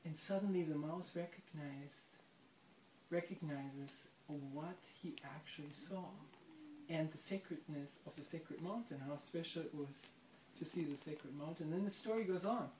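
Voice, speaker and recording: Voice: mid-range voice, a little slow, distant mic. Reflective storyteller heard from off mic. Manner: reflective, searching for words. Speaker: participant in a spiritual discussion. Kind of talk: storytelling in conversation. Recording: echoey room, voice off mic, faint noise.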